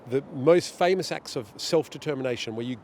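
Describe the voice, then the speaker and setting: A middle-aged man being interviewed outdoors, talking in an animated way and acting out what others say. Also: medium pitch, brisk, a little hiss or hum. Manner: animated, storytelling, acts out quotes. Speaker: guest, director of a global governance group. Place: outdoors near a street demonstration.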